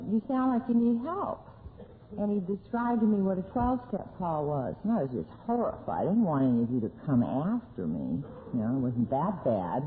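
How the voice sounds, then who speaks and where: Middle-aged woman, recovery meeting talk, candid and self-mocking, tinny lo-fi tape, faint hiss. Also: lowish voice. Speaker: AA speaker sharing her story. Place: meeting hall. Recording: tinny lo-fi 1982 tape recording.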